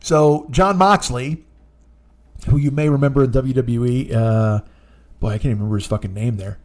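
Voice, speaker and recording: A man's voice: mid-range voice, moderate pace, darkish tone. A man in his forties, a comedian hosting his own show, telling a long, rambling, profane story in a casual, exasperated way. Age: 40s. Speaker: comedian podcast host.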